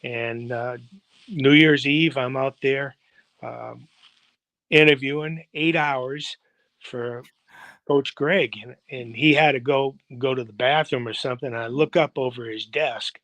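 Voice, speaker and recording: A man's voice: mid-range voice, fairly even intonation, slow, a bit bright, dry recording, poor audio. A man in his seventies from the United States, a football coach telling long anecdotes in an interview, with many fillers and acted-out quotes. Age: 70s. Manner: rambling, full of fillers and quoted dialogue. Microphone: video call livestream.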